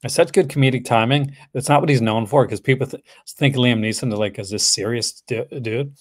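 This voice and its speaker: A man hosting a casual livestream chat about films, talking in a halting way full of restarts. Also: medium pitch. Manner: hesitant, full of fillers and restarts. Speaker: host.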